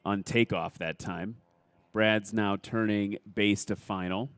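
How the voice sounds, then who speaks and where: A man's voice: fairly low pitch, fairly even intonation, slow, fairly bright tone, clean tone, no room sound. A man in his forties giving enthusiastic live play-by-play commentary at an air competition. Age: 40s. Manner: enthusiastic, chatty.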